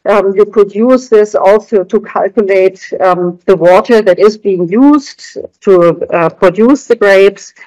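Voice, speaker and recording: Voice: medium pitch, takes it slowly, hardly any pauses, darkish tone, dry recording, lo-fi sound. A researcher giving a conference presentation, explaining graphs on slides in a hesitant, word-searching way.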